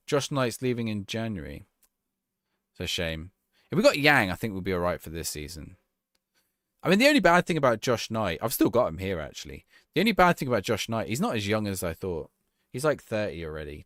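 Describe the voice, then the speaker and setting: Casual male streamer, rambles chatting with viewers, lower voice that swings up and down, close dry mic. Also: fairly bright tone, no echo. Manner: casual, rambling, answering chat questions. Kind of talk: live-stream gameplay chat.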